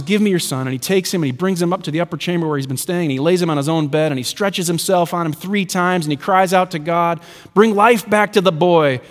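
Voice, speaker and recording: High-voiced preacher in a reverberant hall. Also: male voice. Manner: rhythmic repetition, swings between soaring and hushed. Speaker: pastor. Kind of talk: sermon. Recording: long reverb of a large hall.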